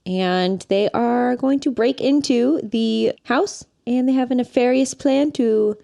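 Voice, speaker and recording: Woman podcast co-host, casual and playful, with a slightly high voice. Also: slow pace, gravelly, mellow. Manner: playful, puts on silly voices for characters. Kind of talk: casual chat recapping a film.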